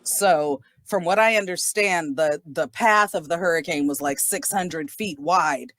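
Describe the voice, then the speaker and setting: A woman in her thirties from Southern California hosting a casual podcast chat, animated, laughing often and swearing casually. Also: fairly low pitch, measured pace, no echo. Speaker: podcast host.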